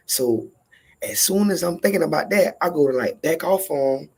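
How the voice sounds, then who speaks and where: A man telling a profane workplace story in casual storytelling style, animated and acting out every line of dialogue. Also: fairly high pitch, normal speed, vocal fry, slightly rough.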